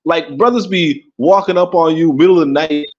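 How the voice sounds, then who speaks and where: A man's voice: fairly high pitch, normal speed, darkish tone. Rambling Caribbean man on lo-fi audio. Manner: rambling, repeats words, chuckles often. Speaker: podcast co-host. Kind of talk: casual livestream talk. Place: abroad in Africa.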